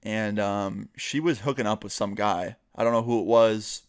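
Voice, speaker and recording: A man's voice: lowish voice, normal speed, clear, resonant tone. Chatty young man telling a story. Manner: chatty, filler-heavy, acts out quoted friends. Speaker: vlogger. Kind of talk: casual storytime.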